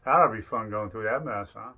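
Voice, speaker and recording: A man's voice: fairly low pitch, normal speed. A man co-hosting a home remodeling video, explaining electrical work in a plainspoken, casual way. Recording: echoey, dull room sound.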